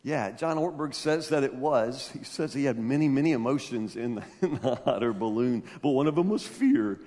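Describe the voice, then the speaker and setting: A man preaching a sermon, telling stories in an animated way with emphatic peaks. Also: mid-range voice, moderate pace. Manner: animated storytelling, rising to loud emphatic peaks. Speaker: pastor. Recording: long hall reverb.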